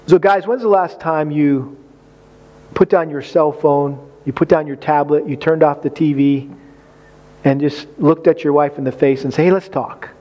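Folksy high-voiced preacher man. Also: fairly even intonation, moderate pace, a little mellow, lo-fi sound. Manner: conversational, folksy, with acted-out quotes and humor. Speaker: preacher speaking on marriage. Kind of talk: sermon.

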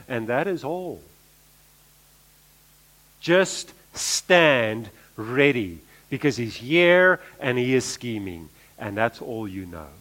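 A man preaching a sermon, repeating key phrases and swinging between emphatic lines and quiet asides. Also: medium pitch.

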